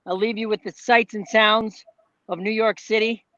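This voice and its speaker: A man's voice: high-pitched, flat delivery, moderate pace, pushed and bright, no room sound. A man chatting affectionately with friends over a video call. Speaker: friend calling in. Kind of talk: casual chat on a video call. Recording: dull lo-fi video-call audio.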